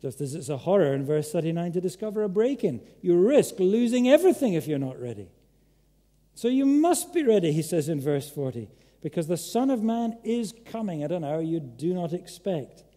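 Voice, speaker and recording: A man's voice: on the high side, expressive, a little fast, dark tone. A man preaching a sermon, earnest and emphatic, pressing his listeners with direct questions. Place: large church hall. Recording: echoey church hall.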